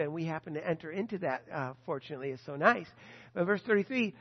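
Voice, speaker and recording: A man preaching a sermon, telling a story with lively animation and acting out the people he quotes. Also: a little high, quick pace, big-room sound, lo-fi sound. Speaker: pastor.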